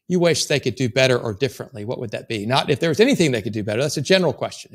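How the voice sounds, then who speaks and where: A man's voice: mid-range voice, expressive, very fast, few pauses. A man coaching salespeople in a blunt, emphatic way, swearing freely as he talks them through prospect meetings. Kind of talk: motivational coaching talk.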